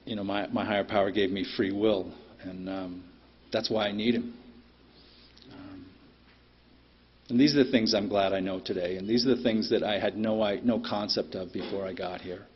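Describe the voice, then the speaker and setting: A man's voice: lowish voice, steady tone, normal speed, slight background noise. A middle-aged man telling his story at a recovery meeting in a plainspoken, blunt way, with many ums and some cursing. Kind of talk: personal recovery share. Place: meeting room. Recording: dull lo-fi meeting recording.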